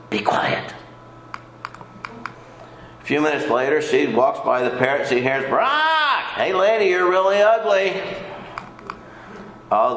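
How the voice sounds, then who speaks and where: A man's voice: mid-range voice, fairly bright tone, slight background noise. An older man teaching a casual Bible lesson in a folksy, rambling way, often repeating himself. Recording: echoey room.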